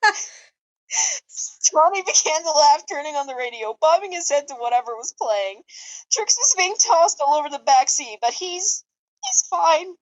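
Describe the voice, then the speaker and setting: A woman's voice: high voice, expressive, normal speed, highs cut off. A woman co-hosting a podcast, reading a comedic fanfiction aloud, giggling and stumbling over her words. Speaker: podcast co-host.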